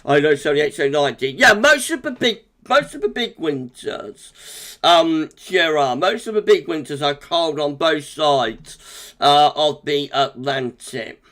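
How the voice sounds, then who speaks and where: A man hosting a weather livestream, chatting casually and greeting viewers by name in quick, upbeat bursts. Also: a little high, big pitch swings, a bit bright. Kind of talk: casual live-stream chat, reading out viewer comments.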